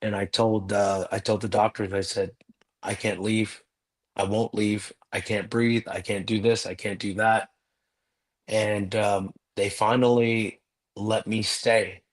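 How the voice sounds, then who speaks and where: A man's voice: lowish voice, flat delivery, a little slow. A man telling a personal story earnestly as a guest in a live interview.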